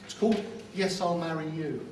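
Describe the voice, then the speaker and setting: A man's voice: fairly high pitch, normal speed, a little hiss or hum. Man giving a joking wedding speech. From London. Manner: joking, wry delivery with punchlines. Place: wedding reception hall. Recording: distant mic in echoey room with loud ambience.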